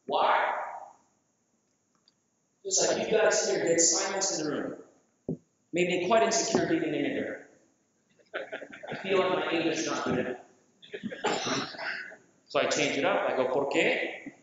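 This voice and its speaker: A man from Southeast Asia giving a conference presentation, animated and jokey, asking the audience questions. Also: fairly high pitch, normal speed, long pauses, very noisy. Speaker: conference speaker. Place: large conference hall. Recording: echoey hall, distant mic, dull sound.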